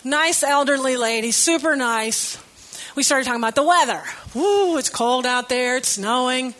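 A woman's voice: sits high, normal speed, fairly bright tone. A woman preaching a sermon in a conversational, storytelling way with light humor.

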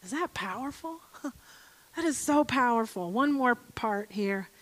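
A woman giving an informal Bible teaching, reading aloud from scripture and a commentary with emphatic, expressive delivery. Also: on the high side, measured pace.

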